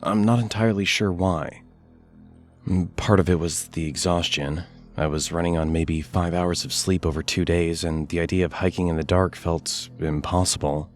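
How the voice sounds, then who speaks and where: A man narrating a first-person scary story in a measured, hushed delivery with deliberate pauses. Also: deep voice, steady tone, faint music behind.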